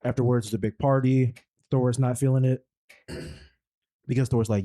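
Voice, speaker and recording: A man's voice: medium pitch, fairly even intonation, moderate pace, long pauses, dark tone, dry recording. A man co-hosting a podcast, casually retelling a movie plot in a rambling, slangy way. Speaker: podcast co-host. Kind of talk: casual movie recap chat.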